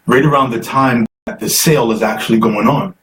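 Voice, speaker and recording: A man's voice: mid-range voice, steady tone, a little fast, fairly bright tone. A man hosting a live call-in stream, chatty and coaxing viewers to phone in while reading comments aloud. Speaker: host. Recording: distant mic, faint noise.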